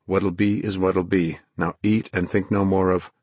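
A man's voice: low voice, little pitch movement, unhurried, darkish tone, husky, no room sound. A man voicing an anxious young prince in a cell, talking to himself in a brooding inner monologue.

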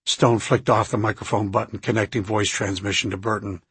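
A man with a husky voice reading a novel aloud in an even, steady narration. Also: lowish voice, a little fast, few pauses, dry recording. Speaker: audiobook narrator. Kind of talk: scripted narration.

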